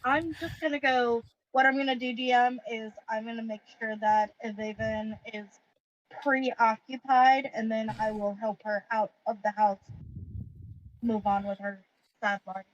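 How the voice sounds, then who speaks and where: A woman's voice: fairly high pitch, fairly even intonation, unhurried. A woman playing in a tabletop game, talking casually in a blunt, profane way. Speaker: player. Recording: dull lo-fi mic.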